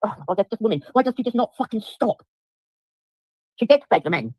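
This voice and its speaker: A woman's voice: on the high side, animated, fairly quick, warm tone, breathy edge, no echo. A middle-aged woman, ranting angrily on a livestream, swearing constantly and repeating herself while answering viewers. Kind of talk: angry livestream rant to viewers.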